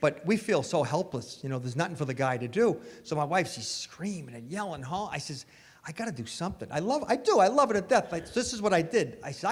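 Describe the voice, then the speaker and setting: Loud middle-aged comedian in an echoey club. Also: male voice, on the high side, a little fast. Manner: loud, animated storytelling with shouted punchlines. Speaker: stand-up comedian. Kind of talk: stand-up comedy set. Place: comedy club stage before a live audience. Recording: live club recording, echoey hall with crowd noise.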